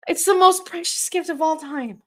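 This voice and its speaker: A woman hosting a casual livestream, excitedly opening gifts and chatting to her viewers while swearing freely. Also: very high-pitched. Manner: excitable, swears often, laughs and gasps. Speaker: livestream host.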